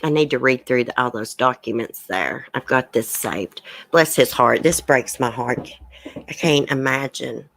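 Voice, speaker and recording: A woman's voice: extremely low pitch, lively intonation, moderate pace, fairly bright tone. A woman hosting a true crime commentary livestream, reading news items aloud and giving blunt opinions to her chat viewers. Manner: reads news aloud, then gives blunt outspoken opinions. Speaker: livestream host.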